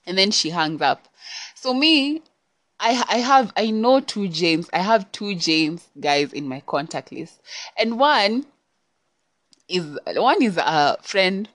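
A woman's voice: medium pitch, lively intonation, slow pace, fairly bright tone, no echo. A young woman with a Kenyan accent hosting a podcast, telling a story in a chatty, exasperated way to her listeners. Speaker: podcast host. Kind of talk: casual storytime. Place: home on a rainy night.

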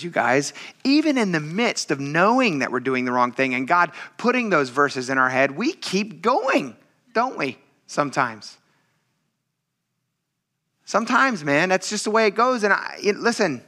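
A pastor delivers a sermon in a lively, conversational style, often acting out the voices of the people he quotes. His voice sits on the high side.

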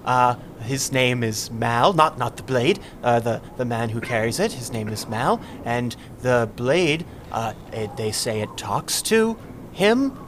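A man's voice: mid-range voice, animated, a little slow, noisy background, voice pushed down, close to an everyday voice. A man voicing a nervous young male bard who stammers and rambles under threat. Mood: flustered. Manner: stammering, flustered.

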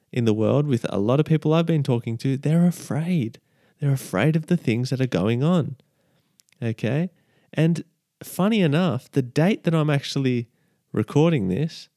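A man's voice: fairly high pitch, dark tone, no echo, studio quality. A man hosting a casual devotional podcast, chatty and repeating his key lines as he checks in with listeners. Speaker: podcast host.

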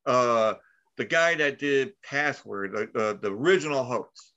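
A man's voice: mid-range voice, lively intonation, a little slow, bright, forceful tone, dull audio. A man hosting a casual podcast, telling rambling stories full of fillers and swearing. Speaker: podcast host.

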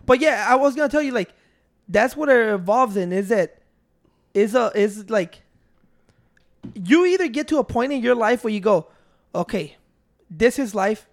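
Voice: medium pitch, animated, normal speed, long pauses. A speaker in their thirties rambling casually, laid-back and profane. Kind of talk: casual chat.

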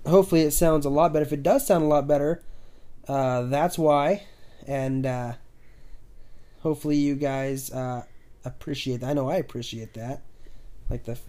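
A man's voice: mid-range voice, normal speed, pauses often. A man hosting a podcast at home, chatting casually with lots of fillers and trailing "so"s. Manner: relaxed, rambling with many fillers. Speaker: podcast host. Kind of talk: casual chat. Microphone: new budget desk microphone.

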